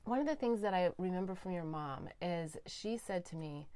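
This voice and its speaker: Eager low-voiced woman talk host. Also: expressive, moderate pace, clean tone. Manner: enthusiastic, drops to a soft hush for heartfelt points. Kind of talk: animated interview storytelling. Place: recording studio.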